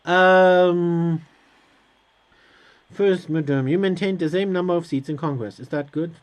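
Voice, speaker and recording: Speaking a little slowly in a high-sitting voice, a man hosts a let's play. His casual commentary reads on-screen game text aloud and answers it with hesitant, sarcastic asides.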